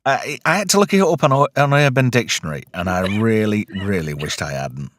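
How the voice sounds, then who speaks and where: A man's voice: fairly low pitch, animated, fairly quick, fairly bright tone. A British man hosting a film review chat, rambling and joking, often restarting his sentences. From United Kingdom. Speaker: podcast host.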